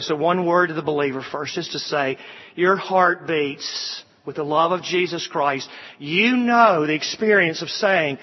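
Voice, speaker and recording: A man's voice: on the high side, unhurried. A man preaching a sermon, quoting scripture and building through repeated appeals. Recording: dull sound with long hall reverb.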